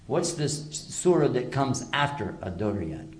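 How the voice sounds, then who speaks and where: A man's voice: mid-range voice, big pitch swings, measured pace, slight background noise. A man giving a religious lecture to a live audience, emphatic and full of rhetorical questions. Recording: echoey lecture hall.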